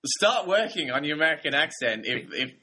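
A young man co-hosting a TV review podcast, easygoing and quick to laugh. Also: fairly high pitch, lively intonation, sharp tone. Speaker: podcast co-host. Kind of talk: casual TV review chat.

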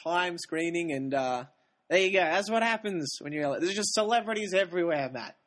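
A man's voice: high-pitched, expressive, normal speed, fairly bright tone. A man co-hosting a film podcast, chatting casually with dry teasing humor. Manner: dry teasing, laughs often. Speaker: podcast co-host. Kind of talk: casual chat.

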